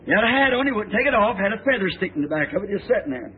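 Middle-aged male preacher, high-pitched, rambling folksy storyteller, faint hiss. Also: sing-song. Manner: folksy, rambling, drawn-out phrasing. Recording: tinny, lo-fi old sermon tape.

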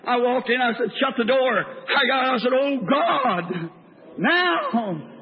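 A man preaches in a very high, urgent voice and tells stories with dramatic fervor. The sound is thin and tinny, like an old recording. A long hall echo trails after his words. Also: steady tone, fairly quick. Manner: fervent, dramatic, speeds up and cries out in retold prayers. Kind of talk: sermon with storytelling.

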